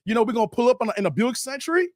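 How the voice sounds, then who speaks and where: A man's voice: very high voice, racing, no room sound, clean studio sound. A middle-aged man, hosting a casual livestream, joking around and calling out viewers by name. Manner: joking, animated, shouting out viewers. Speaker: livestream host. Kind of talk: casual livestream chat reading comments.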